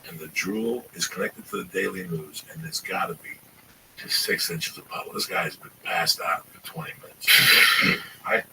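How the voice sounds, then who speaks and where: A man in his fifties from New Jersey, telling profane stories in an animated, emphatic way. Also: low-pitched, moderate pace, vocal fry, far from the mic, slight background noise, poor audio. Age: 50s. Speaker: comedian guest. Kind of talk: casual storytelling.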